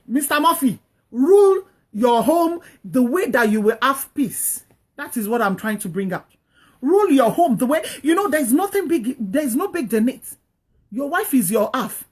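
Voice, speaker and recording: Woman host, higher voice, earnest and preachy, repeats her points. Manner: earnest, repetitive, exhorting. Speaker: host giving marriage advice. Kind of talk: preachy advice talk.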